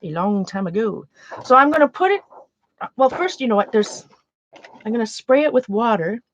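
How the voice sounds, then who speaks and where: A woman's voice: a little high, animated, normal speed, lo-fi sound, a little hiss or hum. A Canadian woman chatting casually on a livestream while making art, rambling and often restarting her sentences.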